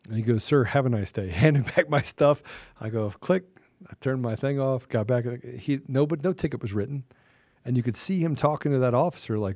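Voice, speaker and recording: A man's voice: medium pitch, brisk, no room sound, studio quality. A man hosting a talk show, telling a story with heat and acting out the dialogue, with frequent restarts. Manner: animated, acts out quoted dialogue, many restarts. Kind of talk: casual storytelling.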